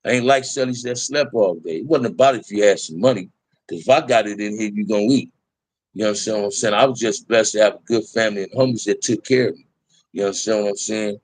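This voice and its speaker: A man's voice: on the low side, fast talker, no room sound. A middle-aged man telling prison stories in casual talk to a live chat, candid and laid-back, full of street slang.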